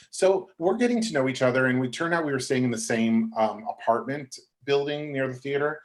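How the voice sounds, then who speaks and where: A man's voice: medium pitch, moderate pace, hardly any pauses. Middle-aged guy spilling backstage stories on a podcast, plain mid voice, jumps into other people's voices. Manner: animated, acts out quoted voices. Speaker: podcast guest. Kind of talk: casual storytelling.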